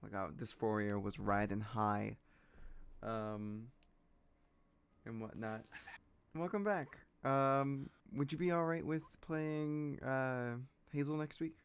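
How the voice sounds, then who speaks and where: Talking casually with her players before they start a tabletop game, the woman running it sounds easygoing and reassuring, with plenty of fillers. Her bass voice is steady and clean-toned, and she speaks slowly.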